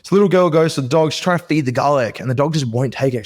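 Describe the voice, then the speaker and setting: A man's voice: mid-range voice, fast, few pauses. A man, co-hosting a sales podcast and telling stories in a loose, rambling way full of fillers. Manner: rambling, filler-heavy storytelling. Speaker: podcast co-host. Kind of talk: casual chat.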